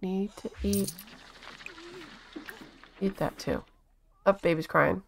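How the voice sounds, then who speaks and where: A woman giving casual let's-play commentary, chatty and bossing her game characters around with quick exclamations. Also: mid-range voice, vocal fry, background noise. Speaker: gaming channel host.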